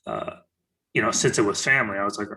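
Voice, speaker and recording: A man's voice: fairly low pitch, very animated, fast talker, gravelly, sharp tone. A man on a podcast, casually telling anecdotes in an easygoing way, full of filler words. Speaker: podcast guest. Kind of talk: casual chat.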